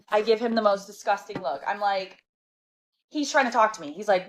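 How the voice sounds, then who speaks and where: A woman telling a storytime in a casual, animated and sassy way, exasperated and laughing between lines. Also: medium pitch, a little slow, pauses often, low-quality recording.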